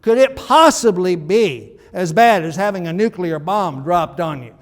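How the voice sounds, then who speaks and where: A man's voice: sits high, lively intonation, unhurried, long reverb tail. A male pastor preaching a sermon in a conversational, emphatic way, with frequent restarts.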